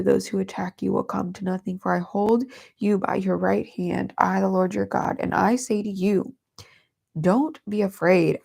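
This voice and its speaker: A woman hosting a Christian devotional livestream reads Bible verses aloud and chats earnestly and emotionally, fighting back tears. Her voice is mid-range, creaky, and warm in tone.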